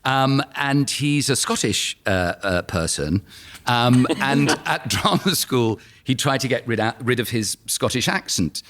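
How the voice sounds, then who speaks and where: A man's voice: mid-range voice, expressive, unhurried, fairly bright tone. A man in his fifties with a London accent, an actor telling anecdotes as a podcast guest, laughing through his stories. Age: 50s. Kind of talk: casual anecdotal chat.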